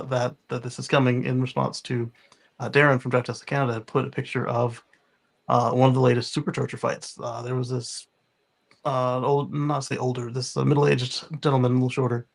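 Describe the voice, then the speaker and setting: Man, podcast co-host, gravelly, rambling casual chat. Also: medium pitch. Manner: rambling, many restarts.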